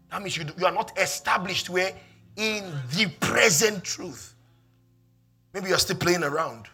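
A man with a Nigerian accent preaching a sermon as pastor, emphatic and repetitive, building up to shouts. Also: fairly high pitch, breathy edge.

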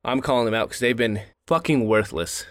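A man in his thirties hosting a casual podcast, telling an animated, swear-filled rant. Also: mid-range voice, brisk, no echo. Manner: animated ranting storyteller, swears a lot. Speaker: podcast host.

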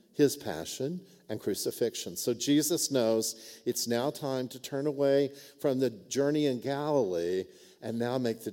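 A man preaches in a relaxed, conversational sermon style, often checking in with his listeners. His voice is mellow and mid-pitched, and it rings out with the long reverb of a church sanctuary. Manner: conversational, frequent "right?" and "amen?" asides. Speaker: pastor. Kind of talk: sermon with storytelling.

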